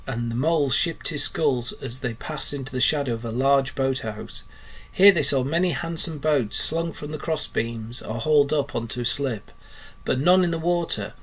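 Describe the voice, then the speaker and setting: Male teacher narrating a children's classic for pupils; steady, clear, mid-range voice. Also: mid-range voice. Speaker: primary school teacher. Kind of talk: reading a storybook aloud to children.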